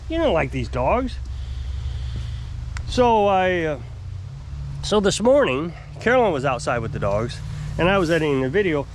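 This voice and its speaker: A man's voice: fairly high pitch, lively intonation, normal speed, long pauses, a little hiss or hum. A man telling a vlog story as an off-grid homesteader, ranting in an aggravated way about a neighbor. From United States. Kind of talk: casual vlog rant.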